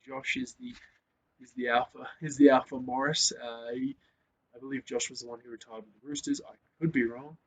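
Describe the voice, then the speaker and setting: A man hosting a casual sports rant, swearing often and growing loud and worked up. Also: medium pitch. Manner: swears a lot, gets loud and fired up. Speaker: host. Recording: slightly dull lo-fi sound.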